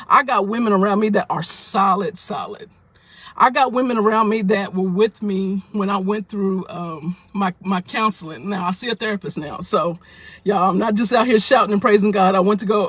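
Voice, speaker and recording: A woman's voice: medium pitch, fairly bright tone, breathy edge. A woman vlogger talking to the camera, emphatic and preachy, repeating phrases for weight. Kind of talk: casual talk to camera.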